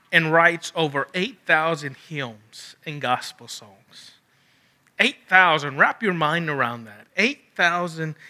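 A man's voice: a little high, pushed and bright. A man preaching a sermon, emphatic and repeating phrases for stress.

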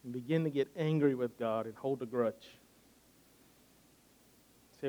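A man's voice: mid-range voice, measured pace, long pauses, mellow. A man preaching a sermon, earnest and building his points by repeating phrases. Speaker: pastor.

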